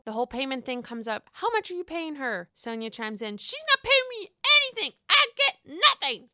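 Bright, crisp-voiced woman ranting. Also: no room sound, studio quality. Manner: swears freely, animated, mimics the cast in shrill voices. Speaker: reality TV recap vlogger. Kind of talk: casual opinionated recap.

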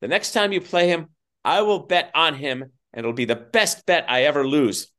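Guy doing a big theatrical actor voice, grand and showy, pitched way up. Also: moderate pace, fairly bright tone, natural voice. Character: grand, theatrical older male film actor.

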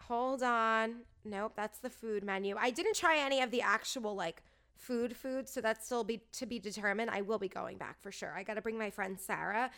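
A woman's voice: on the high side, moderate pace, fairly bright tone, clean tone. A woman in her thirties telling a story in a casual, chatty way, gushing and peppering her talk with "like". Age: 30s. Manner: bubbly, gushing, lots of "like".

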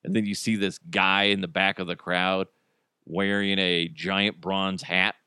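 A man's voice: low voice, flat delivery, unhurried, sharp tone, smooth, dry recording. Joking male podcast host, dry sound. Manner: jokey, laughs often, restarts. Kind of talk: casual comedic monologue.

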